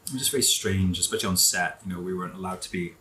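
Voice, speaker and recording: A man in a relaxed interview, chatting enthusiastically about food and drink while eating. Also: deep voice, racing, a little hiss or hum, low-quality recording. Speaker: interview guest. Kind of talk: casual interview chat.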